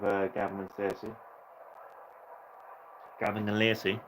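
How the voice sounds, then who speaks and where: A man's voice: lowish voice, fairly even intonation, fairly quick, long pauses, a little hiss or hum, low-quality recording. A man giving casual let's play commentary, rambling and correcting himself, with sarcastic, profane rants at the characters. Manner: sarcastic, profane ranting asides; rambling, self-correcting chatter. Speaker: gaming channel host.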